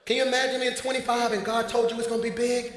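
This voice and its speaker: A man's voice: extremely high pitch, flat delivery, quick pace. A middle-aged male pastor preaching a conversational sermon from a stage in a large hall, talking back and forth with the congregation. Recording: echoey hall.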